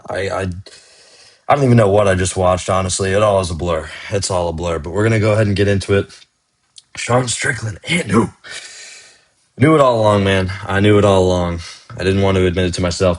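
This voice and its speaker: A fight commentary YouTuber with a deep voice goes over fight results in a loose, casual vlog. He's excitable and slangy, constantly throwing in "man" and "bro."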